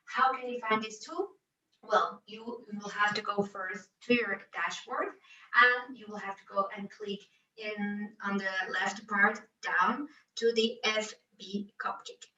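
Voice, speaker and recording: Enthusiastic Mexican-accented young woman, distant. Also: medium pitch. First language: Spanish. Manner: enthusiastic, repeats "very excited". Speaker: presenter. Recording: roomy, distant, dull sound.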